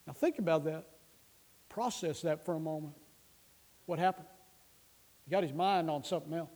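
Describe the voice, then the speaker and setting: High-voiced preaching man. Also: moderate pace, darkish tone. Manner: emphatic preaching with repeated phrases and restarts; recites scripture passages in a raised voice. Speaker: pastor. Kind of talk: sermon.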